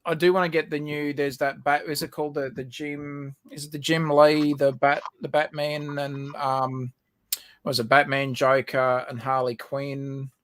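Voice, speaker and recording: A man's voice: fairly high pitch, level tone, normal speed, fairly bright tone, no echo. An Australian man co-hosting a livestream, rambling and giggling, with lots of ums and restarts. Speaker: livestream co-host. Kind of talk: casual chat.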